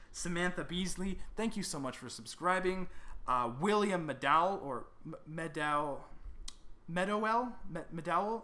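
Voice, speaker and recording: A young man thanking subscribers one by one in casual chat, reading names haltingly and stumbling over pronunciations. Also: a little high, pushed and bright.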